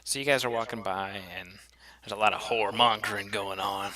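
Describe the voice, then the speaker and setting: A man's voice: on the low side, steady tone, fairly quick, crowd noise. A man running a tabletop game as game master, loose and laughing as he narrates. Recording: noisy stream audio.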